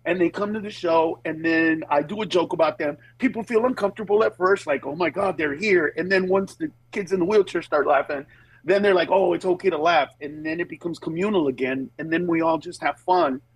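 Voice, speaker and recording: A man's voice: fairly high pitch, a little fast, breathy edge, dry recording, poor audio. A male comedian on a phone-in radio interview, telling stories animatedly and acting out other people's voices, often restarting his sentences. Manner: animated storytelling, acts out voices, many restarts. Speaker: comedian guest. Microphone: phone or Bluetooth line.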